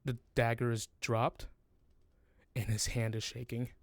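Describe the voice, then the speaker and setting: A man running a tabletop game as game master, narrating in a halting, hesitant way. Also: mid-range voice, little pitch movement, no echo.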